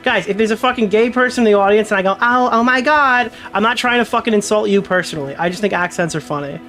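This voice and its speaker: A man casually commentating on his livestream, rambling excitably with lots of swearing. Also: high voice, racing, soft background music.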